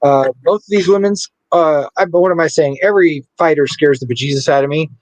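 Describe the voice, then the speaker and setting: A man's voice: a little high, fairly quick, no room sound, low-quality recording. A man co-hosting a podcast, chatting casually and playfully, sometimes stumbling over names. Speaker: podcast co-host. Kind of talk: casual sports chat.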